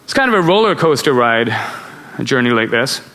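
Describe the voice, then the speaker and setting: A middle-aged man with a bright, forceful voice tells travel stories from a conference stage, animated and quick to chuckle. His voice carries a long auditorium reverb. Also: mid-range voice. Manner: animated storyteller, chuckles at his own tales. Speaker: conference speaker. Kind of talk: storytelling talk on stage.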